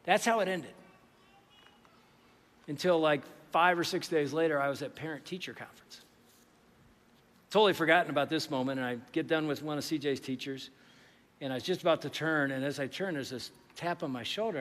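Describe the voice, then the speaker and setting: A man's voice: a little high, fairly quick, a bit bright. A man preaching a sermon as pastor, telling a story animatedly and acting out the voices in it. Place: large church hall. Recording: reverberant hall.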